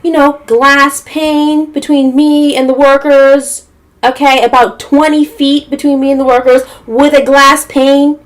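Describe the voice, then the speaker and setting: A woman telling a comedic story as an animated, exasperated rant, swearing often. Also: high voice, a little slow.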